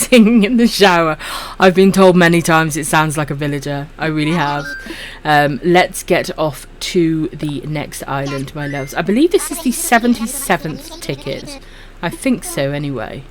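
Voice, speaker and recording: Husky welsh lady on a game stream, low voice, calls everyone my darlings, faint music behind. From Wales. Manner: affectionate, calls viewers my darlings. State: dry throat. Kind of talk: casual game stream chat.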